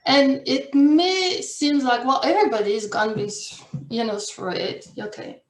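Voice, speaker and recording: A woman's voice: high-pitched, measured pace, reverberant. A woman in her forties with a French accent, giving an earnest online workshop talk as a life coach, full of fillers and restarts. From France.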